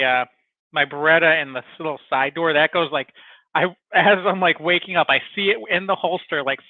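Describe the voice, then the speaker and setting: A man's voice: fairly high pitch, no echo. A man hosting a casual podcast, telling a long story full of profanity and filler words. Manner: profane, rambling, animated storytelling. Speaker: podcast host. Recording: tinny phone-like sound.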